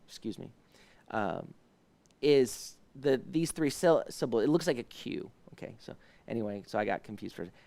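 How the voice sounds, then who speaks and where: A pastor leads a live devotional Bible study, a man with a somewhat high voice. He reads verses softly and pleadingly, then explains Hebrew words with frequent restarts and fillers. The recording is dry and close, with no room sound. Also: no room sound.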